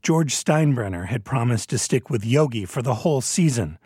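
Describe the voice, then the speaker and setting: A man reading scripted documentary narration in a measured, even way. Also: mid-range voice, breathy edge, dry recording, studio quality.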